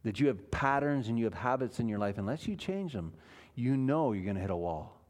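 A man's voice: mid-range voice, animated, brisk, a little mellow. A man, a pastor, preaching a sermon in church, earnest and emphatic, asking his listeners questions.

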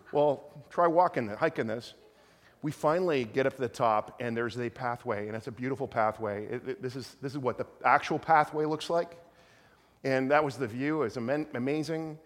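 A middle-aged man pastor telling a rambling, animated story in a sermon, with many restarts. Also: sits high. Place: church sanctuary. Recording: long hall reverb.

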